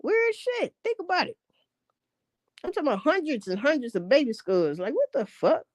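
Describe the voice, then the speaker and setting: A woman's voice: high-pitched, sing-song, moderate pace, dry recording. A woman ranting in a casual commentary, blunt and heavy on profanity. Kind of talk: casual rant.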